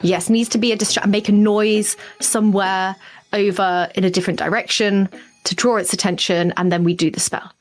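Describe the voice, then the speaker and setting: A woman chatting casually as a tabletop game player, working out plans quickly. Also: medium pitch, flat delivery. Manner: quick, planning, laughs easily.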